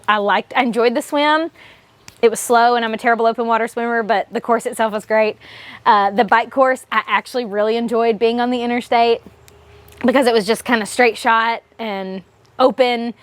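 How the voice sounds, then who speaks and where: A woman's voice: a little high, no room sound. Chatty young woman, upbeat and emotional. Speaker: vlogger. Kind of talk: casual race recap.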